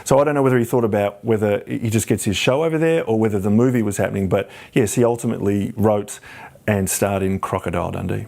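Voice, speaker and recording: A man's voice: on the low side, fast, creaky, a little mellow. An Australian man hosting a podcast, explaining things with enthusiasm in casual talk. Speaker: podcast host.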